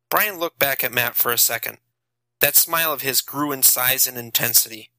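Bright-voiced male audiobook narrator. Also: mid-range voice, moderate pace, no room sound, rough recording. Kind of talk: scripted narration.

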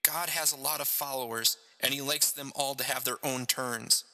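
A man's voice: medium pitch, steady tone, normal speed, gravelly, pushed and bright. A man voicing a shaken priest who speaks stiffly and holds back anger, in a reverberant room. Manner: stiff, restrained. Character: shaken middle-aged male priest.

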